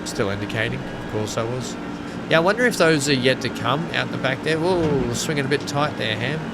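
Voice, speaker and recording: An Australian man chats his way through a let's-play, keeping a loose, self-mocking tone as he talks to himself and his viewers. His voice sits at an ordinary middle pitch. Game engine and vehicle rumble runs clearly under his voice. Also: fairly quick. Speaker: gaming video host. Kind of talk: casual let's-play commentary. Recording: steady game vehicle and engine noise behind.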